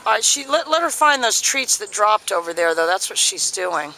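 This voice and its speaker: A woman dog trainer giving casual instructions while filming, with her voice worn from overuse, breaking into high singsong praise for the dog. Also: big pitch swings, moderate pace, sharp tone, slight background noise. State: losing her voice.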